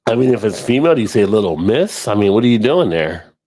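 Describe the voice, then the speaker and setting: A man's voice: fairly low pitch, very animated, fast, crowd noise. A man hosting a casual live-stream chat, teasing his co-hosts with running jokes. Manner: teasing, jokey, repeats gags. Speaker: host.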